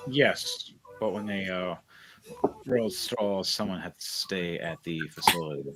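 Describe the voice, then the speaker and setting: A man's voice: sits low, a little slow, fairly bright tone. A man narrating as game master of a tabletop game, rambling with lots of fillers and restarts.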